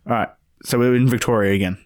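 A man's voice: medium pitch, fairly even intonation, fast talker, a little mellow. A man with an Australian accent co-hosting a casual podcast, quizzing his friend and laughing often. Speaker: podcast co-host.

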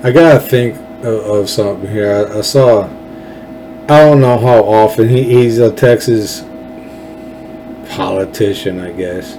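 A man's voice: lowish voice, measured pace, noisy background. A man hosting a political podcast, rambling and sarcastic, with many fillers and restarts.

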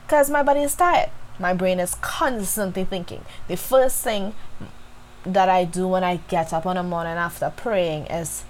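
A woman's voice: fairly low pitch, normal speed, a little hiss or hum, poor audio. A woman hosting a reflective faith podcast, talking candidly and directly to her listeners. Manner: candid, conversational, addresses listeners as y'all. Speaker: podcast host.

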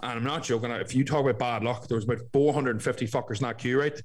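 A man's voice: medium pitch, racing, rough recording. Sweary storytelling man. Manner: swears a lot, animated storytelling. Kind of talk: casual storytelling chat.

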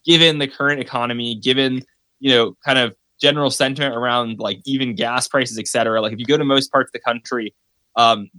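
A man's voice: medium pitch, steady tone, a little fast, sharp tone, no room sound. A man speaking in a casual panel discussion, with frequent "like" and "you know" fillers. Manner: casual, many likes and fillers.

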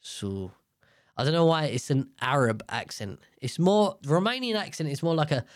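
A man's voice: on the high side, very animated, fairly quick, no echo, clean studio sound. Rambling guy telling stories. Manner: rambling, swearing, self-mocking. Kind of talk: casual storytelling monologue.

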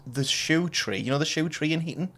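A man's voice: fairly high pitch, fairly quick, fairly bright tone. A man co-hosting a comedy podcast, telling stories in a chatty way and laughing into them. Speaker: podcast co-host. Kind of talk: casual comedic storytelling.

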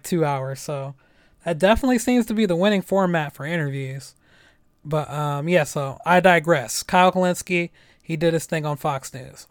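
Young male podcast host, loose profane rambler, smooth higher voice. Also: dry recording, studio quality. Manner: loose and chatty, profane, lots of fillers and asides. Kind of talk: casual solo political podcast.

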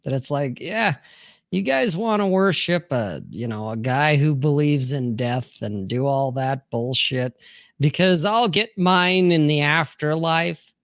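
A man hosting a live-streamed discussion, swearing freely, laughing loudly and reading viewer comments aloud. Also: a little high, lively intonation, measured pace, no room sound, clean studio sound. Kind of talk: casual live-stream chat.

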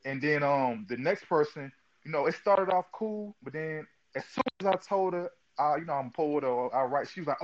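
A man's voice: on the high side, lively intonation, normal speed. Laid-back man on muffled audio. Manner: laid-back, lots of fillers. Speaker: podcast host. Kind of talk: casual chat. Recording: dull lo-fi audio.

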